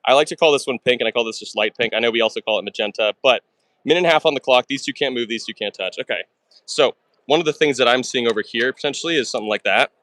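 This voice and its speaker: A man live-streaming himself solving puzzles, talking fast and chatty through every move, with excitable outbursts and thanks to chat. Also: medium pitch, no room sound. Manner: fast and chatty, talks through his moves; excitable, bursts of exclamations.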